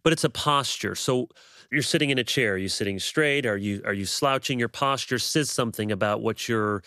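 A man speaking as a guest teacher on marriage, measured and quoting scripture in casual conversation. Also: mid-range voice, bright, forceful tone, no room sound, studio quality.

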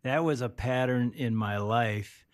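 A man's voice: medium pitch, a little slow. Man in his fifties, pastor co-host, mid voice, reflective and teasing. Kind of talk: casual chat.

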